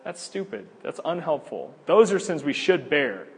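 Man, husky voice, casual church teaching, lots of fillers, long hall reverb. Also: on the high side, very animated, normal speed. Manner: conversational, laughs easily, many fillers and restarts. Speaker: pastor teaching a church class.

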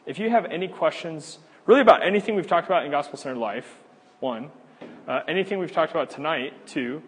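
A man teaching a church class in a relaxed, conversational way, with frequent fillers and easy laughs. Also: a little high, brisk, in a large hall, slight background noise. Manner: conversational, laughs easily, many fillers and restarts. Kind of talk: casual teaching talk.

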